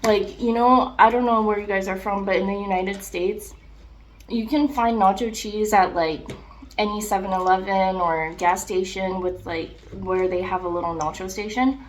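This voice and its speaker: A young woman in a mukbang vlog, chatting casually and excitedly between bites, with lots of "like" and appreciative "mm" sounds. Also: medium pitch, moderate pace, slight background noise. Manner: chatty, filler-heavy, excitable, with chewing and "mm" sounds between remarks. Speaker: mukbang vlogger. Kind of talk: casual chat while eating.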